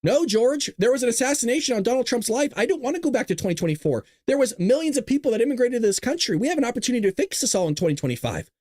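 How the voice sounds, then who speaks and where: A man's voice: very high-pitched, sing-song, rapid-fire, hardly any pauses, a little mellow, no room sound. A man hosting a political livestream and ranting heatedly, with a lot of swearing, recorded in a small closet. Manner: fired-up, profane, ranting. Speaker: host of a political livestream show. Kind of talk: live-streamed rant.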